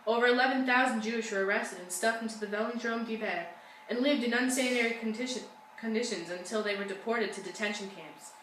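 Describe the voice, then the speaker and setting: A gushing, sympathetic talk-show hostess, played by a young woman in a school skit. Her slightly high voice echoes around the room. She is picked up from a distance, with a faint hum behind her. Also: fast talker, a bit bright, natural voice. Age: young adult. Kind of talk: school-project talk-show role-play.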